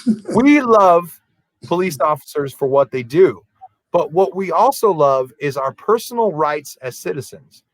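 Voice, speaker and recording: Man, podcast co-host, casual animated storyteller, slightly high voice, no room echo. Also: moderate pace. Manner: animated, acts out quoted voices.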